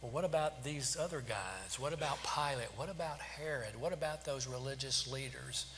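Bright-voiced man preaching in a hall. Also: medium pitch, normal speed. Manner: asks rhetorical questions, emphatic preaching. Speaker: pastor. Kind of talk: sermon. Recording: long hall reverb, faint hum.

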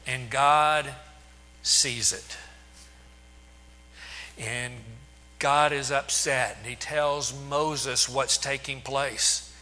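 A man's voice: mid-range voice, steady tone, extremely slow, long pauses, sharp tone, big-room sound. A man preaching a sermon, retelling scripture in plain words with restarts and asides.

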